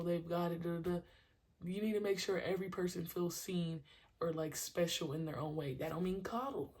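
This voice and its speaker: A woman podcast host and youth sports trainer, talking casually and animatedly, often acting out her own shouted coaching lines in a slangy, conversational way. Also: fairly low pitch. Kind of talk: casual monologue.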